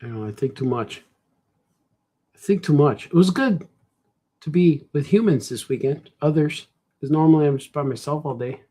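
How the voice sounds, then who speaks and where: A man with a slightly high, husky voice talks loosely as he sketches. He rambles and jokes to himself in a relaxed way. Nothing about it sounds scripted. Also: moderate pace, pauses often. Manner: rambling, playful, jokey asides to himself. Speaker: cartoonist. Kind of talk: casual chat while drawing.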